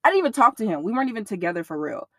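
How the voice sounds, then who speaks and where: A young woman in an interview, telling a personal story in a blunt, profane, animated way. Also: medium pitch, racing, dry recording, clean studio sound.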